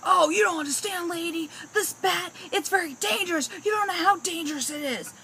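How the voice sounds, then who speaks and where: A woman's voice: very high-pitched, brisk, sharp tone, slight background noise, pitched above the performer's own voice, exaggerated voice. A woman mimicking a pushy, alarmist pest-control man. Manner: alarmist, lecturing.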